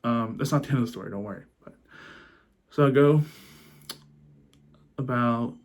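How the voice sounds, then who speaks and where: A young man telling a personal story in a subdued, halting way, restarting his sentences and choking up at moments. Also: medium pitch. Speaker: vlogger.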